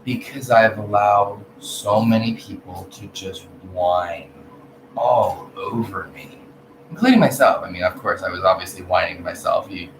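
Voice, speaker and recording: A man giving a casual, profane spiritual rant, blunt and animated, swinging between loud outbursts and low mutters. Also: measured pace. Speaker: vlogger. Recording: echoey room with background noise.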